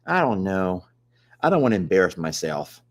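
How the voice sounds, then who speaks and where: A man's voice: low-pitched, big pitch swings, normal speed. A man, co-hosting a live stream in a rambling, chatty way and laughing often. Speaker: livestream co-host. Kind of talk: casual chat.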